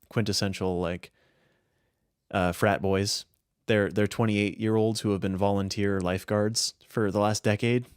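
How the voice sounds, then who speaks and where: A man from northern New Hampshire chatting casually on a podcast about his roleplay characters, rambling and animated. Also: lowish voice, smooth, no room sound, studio quality. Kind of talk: casual chat.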